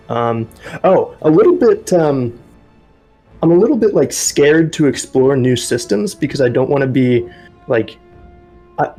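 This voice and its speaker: A male co-host with a mid-pitched, ordinary voice, musing aloud with lots of ums and restarts. Faint music sits behind him. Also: darkish tone, rough recording. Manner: thoughtful, rambling with many ums. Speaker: podcast co-host. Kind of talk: casual podcast chat.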